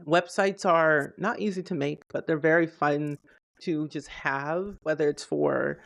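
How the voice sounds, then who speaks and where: Gravelly-voiced man hosting a casual chat. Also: a little high, measured pace, fairly bright tone. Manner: enthusiastic, heavy use of "like". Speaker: podcast host.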